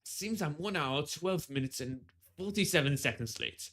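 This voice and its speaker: A man reading game dialogue in a put-on posh British accent, voicing a stiff, pretentious gentleman. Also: on the high side, lively intonation, normal speed. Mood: pompous.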